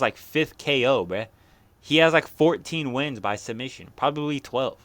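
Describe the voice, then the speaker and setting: A man's voice: medium pitch, a bit bright, no echo. A young man hosting a casual fight recap, rambling along in slang and constant swearing.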